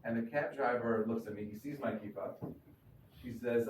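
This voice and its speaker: A man's voice: medium pitch, steady tone, normal speed. A man speaking as a rabbi at a crowded event, telling anecdotes with many fillers and restarts. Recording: echoey room, far from mic, noisy.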